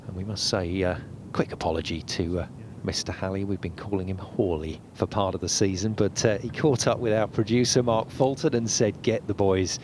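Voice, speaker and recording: A man doing measured, conversational play-by-play as a golf commentator on a broadcast. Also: low voice, fairly even intonation, background noise. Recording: music bed under the commentary.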